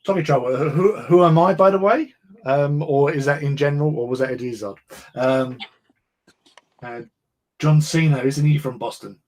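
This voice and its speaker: A man's voice: on the high side, normal speed, darkish tone. An English man hosting a livestream, chatting casually in a rambling way with lots of ums and restarts. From England. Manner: rambling, chatty, many fillers. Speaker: livestream host. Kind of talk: casual chat.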